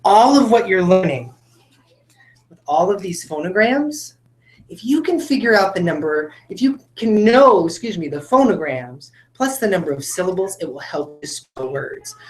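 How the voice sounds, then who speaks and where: A woman's voice: lowish voice, expressive, moderate pace, reverberant. A woman teacher giving a phonics lesson to children, addressing them directly and encouragingly as she demonstrates words. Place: classroom.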